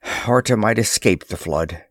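A man voicing a solemn alien chief of an underground people who speaks slowly and formally. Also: lowish voice, no echo, studio quality. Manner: slow, grave, formal speech.

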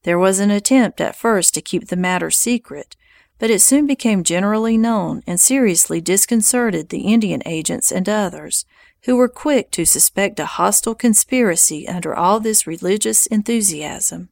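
A woman reading historical nonfiction aloud in a measured, even audiobook narration. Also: medium pitch, vocal fry, dry recording, clean studio sound.

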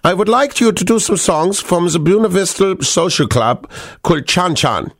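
A man's voice: sits high, lively intonation, moderate pace, a bit bright, no room sound, studio quality, voice pushed up, full character voice. A man doing a German accent to voice a polite German listener who sends in a formal request. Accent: German, put on. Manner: formal, stiff phrasing.

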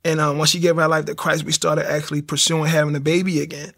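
Gravelly, bright-voiced man telling his story. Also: a little high, quick pace. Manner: animated storytelling, acts out quotes. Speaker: guest sharing testimony. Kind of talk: casual testimony interview.

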